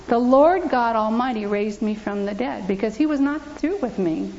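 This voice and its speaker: A woman's voice: fairly high pitch, moderate pace, few pauses, dark tone, slight background noise. A woman giving an earnest, emphatic church testimony, repeating scripture aloud, in a church. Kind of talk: testimony and preaching. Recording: dull lo-fi recording.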